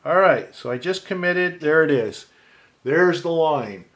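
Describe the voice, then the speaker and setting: A man with a slightly higher voice gives a patient, step-by-step drawing lesson. He talks himself through each mark as he works, relaxed and unhurried. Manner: calm, thinking aloud while drawing. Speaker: art teacher.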